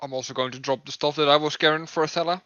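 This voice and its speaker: A man with a bright, clear voice chats as a player in a tabletop game, asking questions over a dry, slightly dull mic. His tone is lighter and higher than the others. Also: fairly even intonation, rapid-fire, no room sound. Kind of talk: casual game chat.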